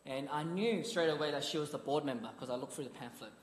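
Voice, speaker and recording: A man with a fairly high voice delivers a sermon, weaving in a personal story in an earnest, conversational manner. His voice carries a long reverb, as if from a large hall. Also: quick pace, a little hiss or hum. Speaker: preacher.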